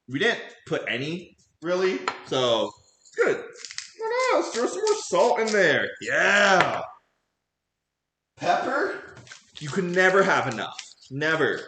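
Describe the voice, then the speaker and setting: A man's voice: fairly high pitch, sharp tone, reverberant, a little hiss or hum. A man chatting casually with his live chat while cooking at home, goofy and laughing often. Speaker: cooking streamer. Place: home kitchen.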